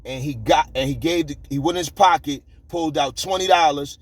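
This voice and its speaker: A man's voice: fairly high pitch, brisk, no room sound. A man telling a street story in a loose, slangy way, often checking in with listeners and repeating himself as he moves along a city route. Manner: slangy, keeps checking in with "you heard?", frequent repeats.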